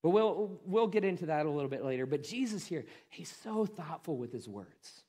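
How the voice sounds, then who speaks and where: Male pastor, sermon, high voice, very animated pitch, chatty storytelling, repeats his words. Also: normal speed, husky. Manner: conversational storytelling with stammered repeats.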